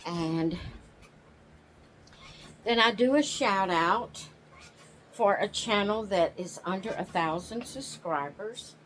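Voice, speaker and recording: A woman talks at an unhurried, drawling pace while she rocks in her chair at home. Her pitch sits in the middle, and her chat is homey and rambling, with frequent restarts and the odd yawn. A faint hiss runs beneath the recording. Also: fairly bright tone, low-quality recording. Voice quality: slow, drawling, yawns often. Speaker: channel host. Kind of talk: casual chat. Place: home, sitting in a rocking chair.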